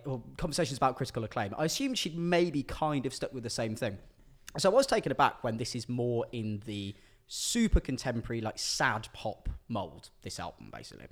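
A man co-hosting a music podcast, chatting in an easygoing, self-deprecating way as he reviews an album. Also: mid-range voice. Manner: self-deprecating, easygoing, restarts when tongue-tied. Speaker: podcast co-host. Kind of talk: casual music review chat.

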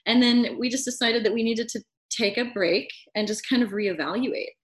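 A woman guesting on a podcast, calmly giving heartfelt advice in casual interview chat. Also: fairly high pitch, normal speed.

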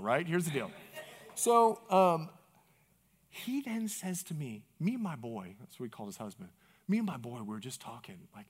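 A man preaching at a men's breakfast, telling a story with animated swings between loud bursts and hushed whispers. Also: fairly high pitch. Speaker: pastor. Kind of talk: sermon storytelling.

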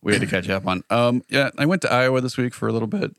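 A man's voice: mid-range voice, expressive, quick pace, fairly bright tone, dry recording. A man co-hosting a podcast in casual chat, a dry storyteller who throws in quips and mock voices. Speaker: podcast co-host.

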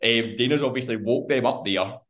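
A man's voice: medium pitch, fairly quick, fairly bright tone. A man with a Scottish accent, co-hosting a podcast, telling a long story in casual chat, swearing freely and laughing as he goes. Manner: swears freely and laughs through his anecdotes. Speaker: podcast co-host.

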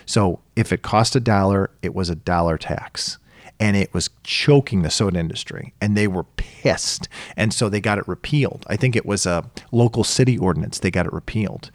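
A man co-hosting a casual chat, telling stories in an animated way and acting out the people he quotes. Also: low-pitched, moderate pace, no echo. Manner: animated storyteller, acts out quotes.

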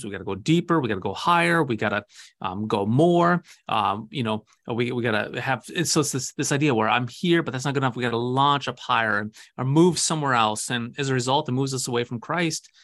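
A man's voice: medium pitch, fairly bright tone. Earnest, emphatic Lutheran pastor man. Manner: earnest, emphatic, rhetorical questions. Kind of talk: casual conversation about faith.

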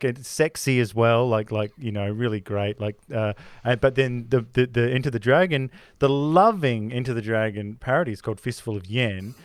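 A man's voice: medium pitch, clear, resonant tone, dry recording. A man co-hosting a podcast, chatting casually about films in a rambling way with many restarts. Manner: rambling, many restarts, animated when retelling scenes. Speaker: podcast co-host. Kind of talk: casual film discussion.

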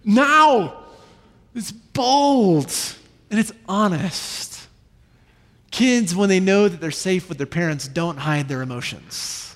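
A man in his thirties preaching a sermon, animated, with sudden high bursts when he acts out children. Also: a little slow. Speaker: pastor. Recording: long reverb in a large hall.

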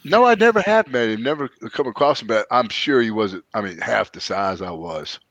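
A man's voice: moderate pace, no echo. A man hosting a casual podcast who tells rambling, folksy stories and answers listener questions. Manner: folksy, rambling storyteller with lively quoted voices. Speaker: podcast host. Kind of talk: casual chat, storytelling. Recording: dry, dull low-fidelity audio.

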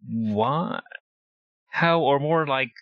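A man at a tabletop game speaks in character very slowly, hesitant and careful as he asks his question. His pitch is mid-range, and the sound is dry and close. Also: no echo, muffled recording.

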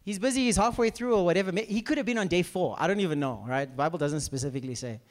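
A man's voice: sits high, very fast. A man preaching a sermon, acting out scripture characters and asking the audience to follow. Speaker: pastor. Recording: reverberant hall.

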